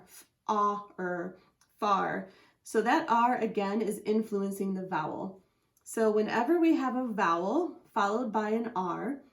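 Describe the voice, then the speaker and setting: A woman teaching a phonics lesson, patiently sounding out letters and syllables as she explains a chart. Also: medium pitch. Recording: echoey room.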